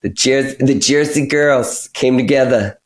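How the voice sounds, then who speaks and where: A man hosting a podcast who reads out listener questions in a relaxed, playful way. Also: mid-range voice, measured pace. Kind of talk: casual podcast chat.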